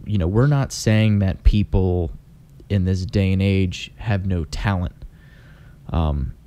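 Man as casual podcast co-host: deep and mellow voice, hesitant, heavy on fillers. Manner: halting, many fillers like "you know". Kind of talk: casual chat.

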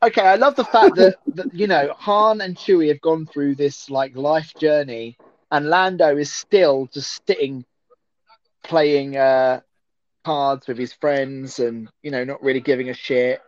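A man's voice: on the high side, measured pace, no room sound, lo-fi sound. A man hosting a casual, jokey watch-along chat and reading out viewer messages. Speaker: host.

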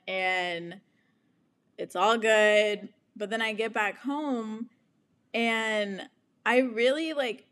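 A young woman in her twenties hosts a casual solo podcast, talking candidly about her week. She speaks at an unhurried, drawn-out pace in a mid-range voice, laughing often and swearing without a second thought. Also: mid-range voice, a bit bright. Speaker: podcast host.

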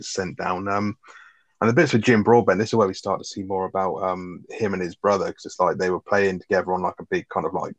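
A man, co-hosting a podcast and retelling film scenes in a sweary, animated way. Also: low-pitched, no room sound. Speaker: podcast co-host. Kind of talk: casual film review chat.

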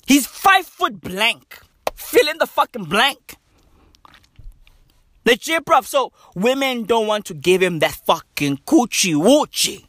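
A woman's voice: on the high side, sing-song, slow, fairly bright tone, dry recording, studio quality. A woman from Africa, delivering a profane, slang-heavy comedic rant that keeps checking in with "right?". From South Africa.

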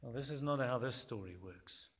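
A man preaching a sermon, constantly citing verse references and acting out the quoted voices with sudden jumps in pitch and volume. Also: normal speed, fairly bright tone.

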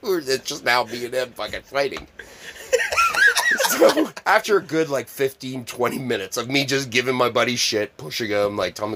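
A man telling wild stories in casual chat, swearing freely and loudly acting out the scenes. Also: mid-range voice, normal speed, a little hiss or hum. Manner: animated storyteller, swears a lot, acts out scenes loudly.

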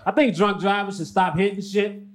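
A man performing a stand-up comedy routine on a club stage, with a dry, deadpan delivery. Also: high-pitched, normal speed. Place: comedy club stage before a live audience. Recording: noisy live stand-up recording.

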